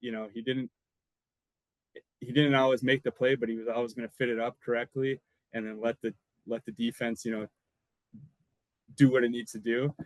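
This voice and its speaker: Relaxed man telling stories, dry sound. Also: medium pitch, normal speed, long pauses, dry recording, rough recording. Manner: relaxed, rambling, laughs between anecdotes. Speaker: podcast guest, former college football lineman. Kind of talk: casual storytelling.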